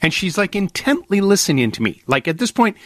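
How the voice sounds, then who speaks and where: A middle-aged man hosting a casual talk show, telling a story with lively acted-out quotes. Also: high-pitched, a little fast, dry recording, clean studio sound. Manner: animated storyteller, acts out quotes.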